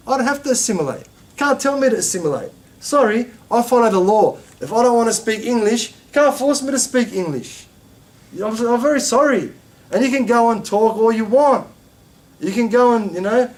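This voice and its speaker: Animated, higher-pitched male religious teacher. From Australia. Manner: animated, rhetorical questions, emphatic. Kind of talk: classroom religious lesson.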